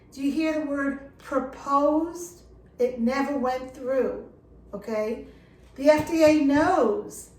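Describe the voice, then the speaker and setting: A woman's voice: a little high, darkish tone, roomy sound. Earnest, impassioned middle-aged woman. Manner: earnest and impassioned, stressing words. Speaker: dog care vlogger. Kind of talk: casual talk to camera. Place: lake house, indoors.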